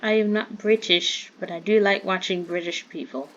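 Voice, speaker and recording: A woman's voice: mid-range voice, fairly even intonation, moderate pace, fairly bright tone, dull audio. A woman from the American South chatting in a rambling way while playing a game, easily startled. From Southern United States. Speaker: gamer. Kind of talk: casual Minecraft commentary.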